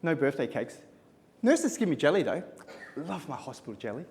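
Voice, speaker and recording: A contest speaker delivers a humorous stage speech in a conference hall, punchy and self-mocking with tight comic timing. His voice is on the high side and very animated with a darkish tone at normal speed, and the echoey hall carries slight background noise.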